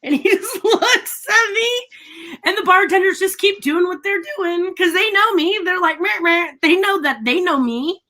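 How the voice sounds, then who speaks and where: Woman, high voice, bright and sharp tone, animated casual storytelling, frequent laughter. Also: moderate pace. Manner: animated, laughs often while telling stories. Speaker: radio show co-host.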